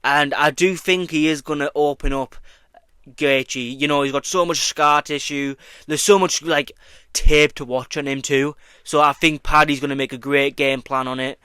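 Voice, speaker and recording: A young man gives a casual reaction vlog in a fairly high, clear voice. He is profane and mocking and gets worked up as he goes. The sound is dry and up close, with no room behind it. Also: steady tone, normal speed, pushed and bright, dry recording. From Britain. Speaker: YouTuber commentating on combat sports.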